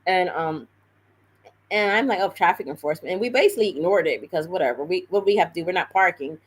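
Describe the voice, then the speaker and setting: A woman's voice: lowish voice, lively intonation, quick pace, breathy edge, rough recording. A woman on a live stream telling a story in a casual, rambling way, full of fillers and self-corrections.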